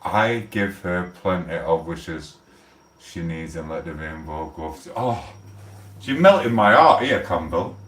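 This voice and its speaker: Deep-voiced, rambling man in his forties. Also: animated, slow, a bit bright. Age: 40s. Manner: rambling, chatty, swears freely. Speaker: livestreamer. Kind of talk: casual live-stream chat. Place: home kitchen. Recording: roomy echo, distant from the mic.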